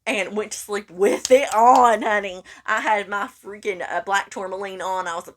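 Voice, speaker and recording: A woman's voice: mid-range voice, normal speed. A woman, co-hosting a podcast and telling a story in casual chat, acting out the quoted lines with lots of animation. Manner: animated, acts out quoted lines, calls listener honey. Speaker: podcast co-host.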